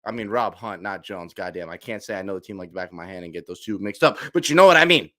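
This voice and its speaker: Excitable young man, lively and bright. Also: fairly low pitch, fast talker. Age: 20s. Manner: emotional, swings from shouting to hushed murmurs. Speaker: sports fan streamer. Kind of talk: excited casual fan rant.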